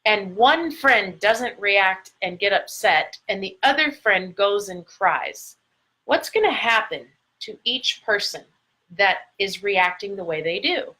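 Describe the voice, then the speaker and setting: A middle-aged woman, a life coach, motivates her viewers in a live video she records on a phone or camera mic. Her mid-range voice is animated, pushed and bright, and she takes it slowly, stretching out key words for emphasis. The recording quality is low.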